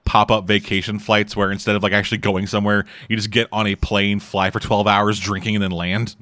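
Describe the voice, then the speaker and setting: A man's voice: on the low side, flat delivery, fairly quick, fairly bright tone. A man co-hosting a podcast in casual chat, rambling, swearing and laughing often. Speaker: podcast co-host.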